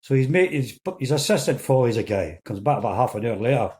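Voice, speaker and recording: A comedian telling jokes in a chatty storytelling manner. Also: male voice, mid-range voice, expressive, quick pace, a little mellow. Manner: chatty storyteller building up to punchlines.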